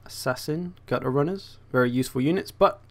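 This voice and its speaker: A young man hosting a gaming channel gives casual, wry commentary while playing a strategy game, thinking aloud as he goes. His voice is mid-range, gravelly and a little fast.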